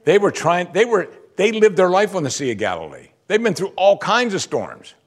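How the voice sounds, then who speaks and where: A man preaching a sermon, teaching through a Bible passage with lively asides and questions to the audience. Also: high-pitched, moderate pace.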